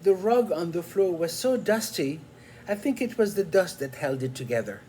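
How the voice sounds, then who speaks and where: An older man telling a personal story in an unhurried, reflective way, pausing often with small fillers. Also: sits high, lively intonation, a little mellow, slight background noise.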